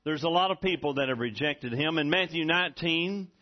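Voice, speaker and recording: A man's voice: on the high side, a little fast. A middle-aged man preaching a sermon in a folksy, storytelling way, often laughing as he talks. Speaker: pastor. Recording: muffled lo-fi recording.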